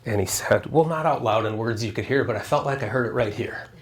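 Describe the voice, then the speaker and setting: A man's voice: medium pitch, fairly quick, a little hiss or hum. A man telling a personal story to a live audience, earnest, acting out dialogue and asking the crowd questions, at times choked up. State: choked up, near tears. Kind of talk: storytelling talk with a spiritual message.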